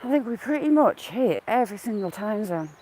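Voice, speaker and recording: A woman's voice: medium pitch, big pitch swings, fairly quick, mellow, a little hiss or hum, poor audio. A woman out of breath on an outdoor walk, chatting casually on a live stream and greeting viewers by name. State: a bit out of breath. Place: outdoors on a woodland walk by water.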